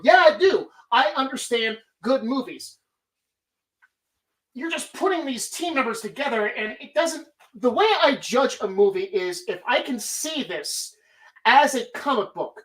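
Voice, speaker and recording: A woman's voice: a little high, expressive, unhurried. A woman hosting a live stream, talking casually in a rambling, profane way. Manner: rambling, heavy swearing. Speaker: streamer host.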